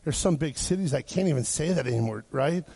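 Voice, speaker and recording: A man's voice: a little high, animated, fairly quick, gravelly, mellow, breathy edge. A man from Wisconsin preaching a sermon with punchy rhetorical questions and joking asides.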